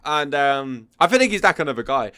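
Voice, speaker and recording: A man's voice: a little high, animated, brisk, sharp tone, smooth, no room sound. A young man giving blunt, profane, casual commentary as host.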